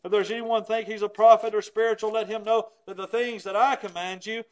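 A man preaching a sermon with a notably high voice. He speaks earnestly and with emphasis, pressing his listeners with rhetorical questions. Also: flat delivery, brisk, low-quality recording.

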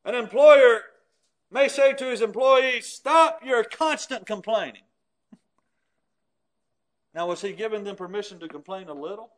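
High-voiced man preaching a sermon. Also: brisk. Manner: emphatic, explains scripture with everyday examples.

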